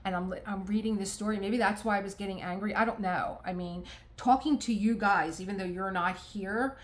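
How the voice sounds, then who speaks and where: A woman's voice: mid-range voice, a little fast. A middle-aged woman from the United States chatting to camera while she does a craft, rambling and heartfelt, with many restarts and quoted asides. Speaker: crafting vlogger. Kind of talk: casual talk to camera while diamond painting. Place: home art room.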